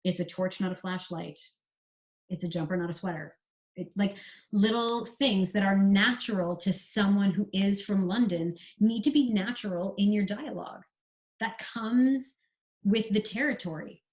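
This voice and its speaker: A Canadian woman who writes screenplays, chatting through writing advice in a relaxed interview and spelling out examples. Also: medium pitch, moderate pace. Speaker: screenwriter guest. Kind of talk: casual explanatory interview talk.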